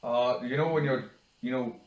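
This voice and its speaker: A man's voice: mid-range voice, normal speed, muffled recording. A man co-hosting a casual podcast, swearing freely and acting out stories. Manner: animated storyteller, swears a lot, acts out quotes. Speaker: podcast co-host. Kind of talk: casual banter. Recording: echoey room, far from the mic.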